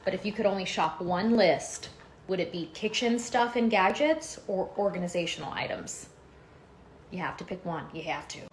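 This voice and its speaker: A woman's voice: mid-range voice, lively intonation, moderate pace, heavy background noise. A woman, rambling through stories and product picks in a casual phone vlog, full of "like" and "um". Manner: chatty, rambling storytelling with lots of "like" and "um". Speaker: lifestyle blogger and home renovation host.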